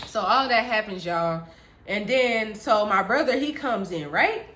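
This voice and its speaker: A woman vlogger telling her childhood story in casual chat, animated, laughing often and calling her viewers y'all. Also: medium pitch, unhurried.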